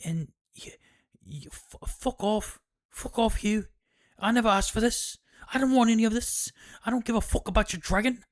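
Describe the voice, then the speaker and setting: A man voicing a bitter, fed-up young woman who shouts and swears at her husband. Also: slow pace. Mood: furious. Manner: shouting, profane, rising to a high pitch.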